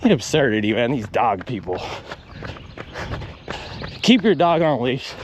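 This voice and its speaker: A man's voice: medium pitch, very animated, unhurried, slight background noise. Man talking wryly mid-run. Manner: wry, ranting asides. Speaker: running vlogger. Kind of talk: casual vlog monologue while running. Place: outdoors on a run.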